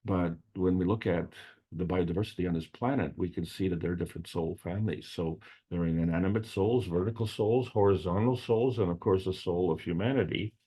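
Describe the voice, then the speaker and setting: Man, very low voice, dark tone, rambling meeting talk, halting with fillers. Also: slightly rough. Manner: slow, rambling, with frequent fillers and restarts. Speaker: meeting presenter. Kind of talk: unscripted spiritual science talk.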